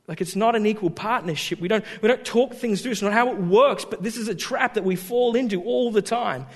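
A man preaching a sermon as a pastor, talking in an animated way that swings from loud emphasis to quiet asides. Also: sits high, normal speed, in a large hall.

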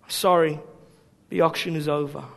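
A man voicing a persistent, calm auctioneer inside a sermon story. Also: on the high side, moderate pace, creaky, pitched below the performer's own voice. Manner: insistent, urging bids. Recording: long hall reverb.

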